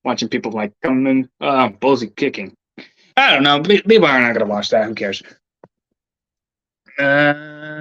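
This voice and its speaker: A man rambles through a casual livestream, cursing and grumbling half to himself. His voice sits at an ordinary middle pitch. The sound is dull and lo-fi and completely dry. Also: expressive, moderate pace, long pauses, fairly bright tone, dry recording. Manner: profane, irritable, muttering to himself. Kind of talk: rambling casual stream talk.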